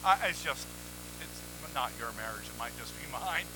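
A man preaching a sermon in a conversational, energetic way, acting out little exchanges with God, at a church microphone. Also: mid-range voice, moderate pace, background noise. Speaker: pastor. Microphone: handheld or headset mic, volume cutting on and off.

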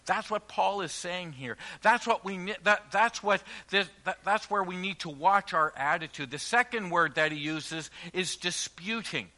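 A man preaching a sermon in a church, earnest and emphatic, slowing down to stress key phrases and letting line endings drop quietly. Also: high voice. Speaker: pastor.

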